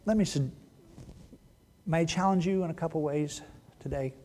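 A man preaching a sermon in a church, joking and teasing, then dropping to a hushed voice. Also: a little high, normal speed. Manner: playful, teasing, swings from loud to hushed. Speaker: pastor. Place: church sanctuary.

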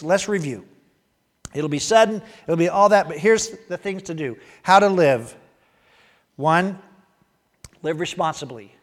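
A man pastor preaching a sermon, reading Scripture and acting out the people in it, swinging from loud outbursts to quiet asides. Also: a little high, a little slow, long pauses, big-room sound. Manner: animated, acts out voices, swings from loud to quiet.

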